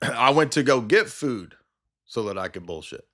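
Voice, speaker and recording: A man's voice: medium pitch, expressive, normal speed, fairly bright tone. A man hosting a livestream, ranting in a combative, sarcastic commentary style. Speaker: livestream host.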